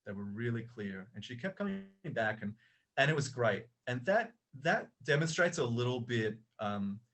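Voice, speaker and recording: A man's voice: mid-range voice, sing-song, normal speed, fairly bright tone. A middle-aged man, a coach and author, telling a story as a podcast guest, with many restarts and fillers.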